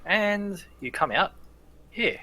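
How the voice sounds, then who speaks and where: A man's voice: high-pitched, expressive, takes it slowly, pushed and bright, slight background noise. A man acting as game master, narrating a tabletop game in a loose way with fillers.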